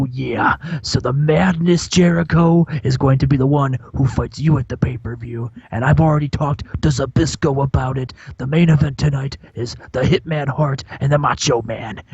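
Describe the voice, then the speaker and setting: A man doing an impression of a boastful wrestling legend with a slow, gravelly drawl. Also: mid-range voice, darkish tone, no room sound. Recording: dull dry lo-fi mic.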